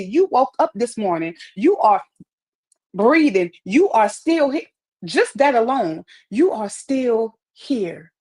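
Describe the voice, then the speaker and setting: A woman speaks through a wireless earpiece on a live stream, giving upbeat encouragement in reply to viewer comments and often repeating phrases for emphasis. Her voice sits high with a darkish tone, and the talk is motivational stream chat.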